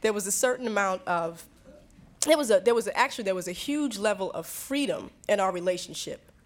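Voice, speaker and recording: A woman in her twenties from New Jersey, a guest musician answering questions with animated storytelling and frequent laughs. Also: medium pitch, fairly quick. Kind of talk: candid Q and A answers.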